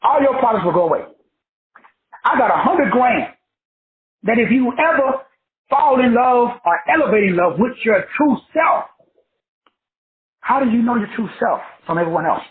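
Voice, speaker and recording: A man's voice: very high voice, expressive, moderate pace, long pauses. A middle-aged man giving a casual motivational talk as a life coach, slangy and profane, acting out the voices of people he describes. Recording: tinny phone-like sound.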